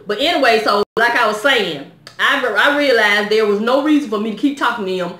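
Fired-up woman venting to her camera, bright forceful voice, echoey room. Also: on the high side, brisk, hardly any pauses. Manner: animated, exasperated, colloquial. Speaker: vlogger. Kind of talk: casual ranting vlog.

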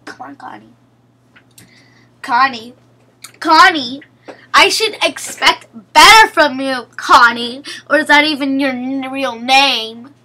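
High bright-voiced young woman gaming. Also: slow pace, long pauses. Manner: exasperated, pleading with teammates. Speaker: gaming video creator. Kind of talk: gameplay commentary.

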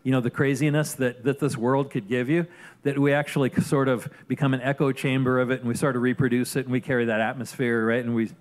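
A man preaching a sermon in a loose, conversational manner. His voice sits at a middle pitch, and he keeps checking in with his listeners as he goes. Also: level tone, quick pace. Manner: conversational, frequent "right?" asides and restarts. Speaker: pastor.

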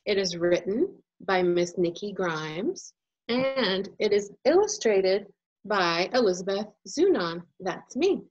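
Gentle, lively woman reading a storybook. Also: mid-range voice, slow, breathy edge, dull audio. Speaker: picture book illustrator reading aloud. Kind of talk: children's storybook read-aloud.

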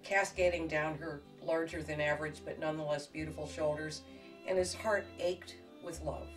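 Low-voiced woman hosting a cooking show. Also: normal speed. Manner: deadpan, tongue-in-cheek. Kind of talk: mock-dramatic romance narration and cooking demonstration. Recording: distant mic with music behind.

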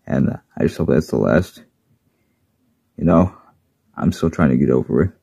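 A man's voice: very deep voice, moderate pace, creaky, warm tone, breathy edge, dry recording, studio quality, heavily acted. A man voicing a friendly male diesel engine in an earnest, plain manner. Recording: dull lo-fi recording.

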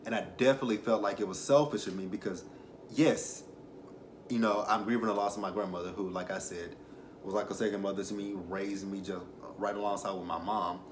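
Brief: young man, lowish voice, rambling, emotional reality-show recap, faint hiss behind. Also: fairly even intonation, fairly quick. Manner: rambling, self-correcting, emotional. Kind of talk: casual commentary with personal stories.

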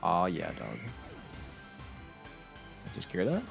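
Low-voiced, profane gaming streamer man. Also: slow pace, gravelly, faint music behind. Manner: profane, excitable reactions with frequent restarts. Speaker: streamer playing a video game. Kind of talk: casual let's-play commentary.

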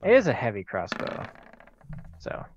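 A man's voice: medium pitch, huge pitch swings, normal speed, slight background noise. A man playing a tabletop game, talking in a brash, joking way with swearing. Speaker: player. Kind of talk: casual tabletop game chat. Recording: dull lo-fi mic.

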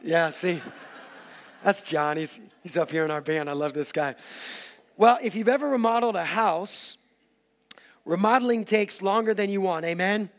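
Male pastor, middle-aged, high voice, lively sermon delivery with playful asides, church hall reverb. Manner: energetic, joking asides to the congregation. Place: large church auditorium.

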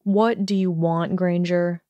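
A haughty young wizard who snaps cold, snide remarks, read out by a woman. He talks at an unhurried pace. The audiobook recording is dry and close. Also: fairly low pitch, little pitch movement, warm tone, dry recording, highs cut off. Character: sneering arrogant young wizard man.

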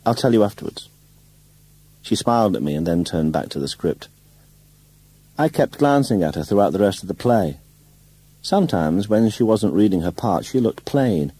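A man narrating a literary novel in the first person, in a measured, wry way. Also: on the low side, dark tone, breathy edge, no echo. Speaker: audiobook narrator.

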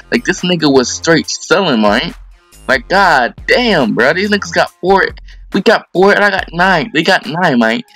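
A man's voice: medium pitch, vocal fry, no room sound. A young man giving heated, profane commentary over his own gameplay video, ranting with lots of slang.

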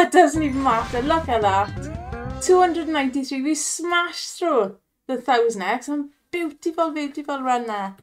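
A woman streaming slots, giving excitable commentary, cheering on the reels and laughing often. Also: sits high, a little slow, faint music behind. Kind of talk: excited commentary over a slot game.

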